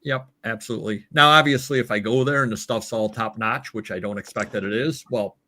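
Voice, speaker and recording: A man's voice: mid-range voice, brisk, pushed and bright. Chatty male host telling stories. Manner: rambling anecdotes with filler words. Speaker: show host. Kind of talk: casual live-show chat.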